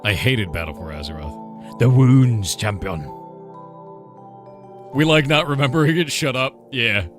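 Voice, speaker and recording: A man's voice: medium pitch, lively intonation, unhurried, pauses often, soft background music. A man who is a game developer, chatting casually on a livestream Q&A, blunt and profane, with lots of filler words.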